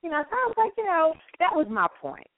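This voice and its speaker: Woman, teacher, co-host, lively storytelling, thin phone-like sound. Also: very high voice, fast talker, dry recording. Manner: animated storytelling, acts out voices. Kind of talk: casual radio chat. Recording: dry phone-line audio.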